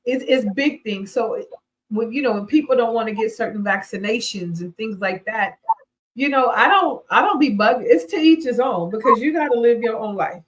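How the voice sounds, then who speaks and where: A woman hosting a talk show, chatting casually in a lively, colloquial way with an animated manner. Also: a little high, normal speed. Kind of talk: casual chat.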